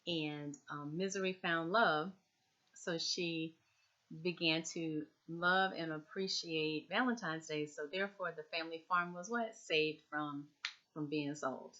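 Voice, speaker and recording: A woman's voice: sits low, measured pace, bright, forceful tone, highs cut off. A woman chatting casually as a TV recap vlogger, repeating herself and talking straight to her viewers.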